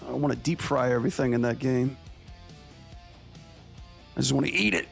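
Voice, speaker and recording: A man who animates and streams, chatting casually with his viewers in a relaxed, slangy way over faint guitar music. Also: medium pitch, moderate pace, vocal fry. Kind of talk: casual livestream chat.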